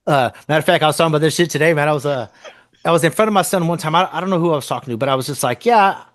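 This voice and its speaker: A man's voice: a little high, racing, a bit bright. A middle-aged man hosting a podcast, telling stories in casual chat, swearing freely and laughing often. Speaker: podcast host.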